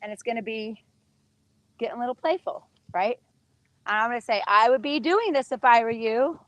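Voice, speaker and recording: A woman's voice: fairly high pitch, normal speed, no echo, low-quality recording. A woman horse trainer teaching casually while she works a horse, chatting to the viewers and coaxing the horse with praise.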